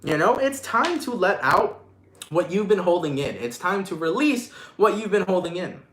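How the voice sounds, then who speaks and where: A man's voice: sits high, very animated, moderate pace, a bit bright, reverberant, a little hiss or hum. A man giving a casual live-streamed tarot reading, emphatic and profane, speaking with love to viewers. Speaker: tarot reader.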